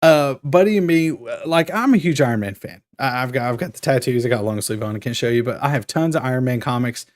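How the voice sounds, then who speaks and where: Man, thirties, podcast co-host, casual chat, excited storyteller, mid pitch. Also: fast talker, few pauses. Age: 30s. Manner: excited storytelling, acts out quotes.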